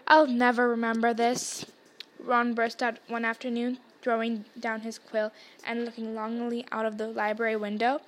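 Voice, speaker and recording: A woman reads a novel aloud with a high voice. Her storytelling is lively and expressive. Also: moderate pace, hardly any pauses.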